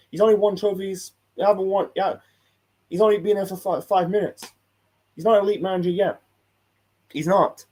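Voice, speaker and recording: A man's voice: high-pitched, a little mellow, breathy edge. A man hosting a casual live stream, reacting to a video with a rambling, repetitive, heated and sweary manner. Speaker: host reacting to a football video.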